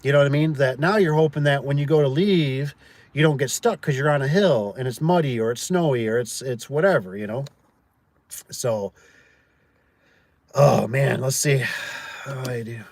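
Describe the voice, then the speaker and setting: With a mid-range, darkish voice and a moderate pace broken by frequent pauses, this door-and-gate business owner chats loosely on a livestream, with no room sound. His storytelling is heavy on fillers and acted-out quotes.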